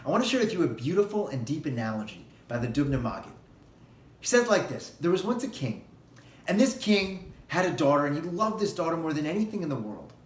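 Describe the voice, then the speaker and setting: A male rabbi with a high voice gives a holiday sermon, relating a parable with animated storytelling energy. He speaks a little fast, and his voice rings in an echoey room.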